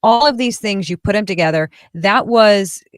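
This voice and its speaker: A woman hosting a political talk show, speaking bluntly and sarcastically with animated emphasis. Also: medium pitch, moderate pace, dry recording. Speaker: host.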